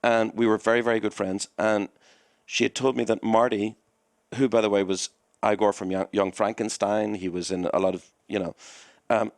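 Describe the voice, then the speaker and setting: A man's voice: on the low side, dry recording, clean studio sound. A man who runs a comedy club, a podcast guest telling long, rambling anecdotes and acting out the dialogue in them. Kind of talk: conversational storytelling.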